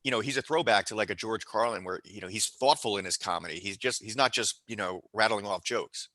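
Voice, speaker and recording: Fast, bright-voiced brash man. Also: fairly low pitch, dry recording. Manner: brash, quick storytelling. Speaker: podcast host. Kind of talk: casual podcast chat.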